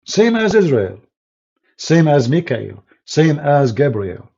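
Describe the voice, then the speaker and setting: Man, Arabic accent, native Arabic speaker, live stream host, mocking and derisive, dark husky voice, dull lo-fi audio. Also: fairly high pitch, sing-song, slow. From Middle East. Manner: mocking and insulting, broken English grammar. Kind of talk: polemical live stream monologue.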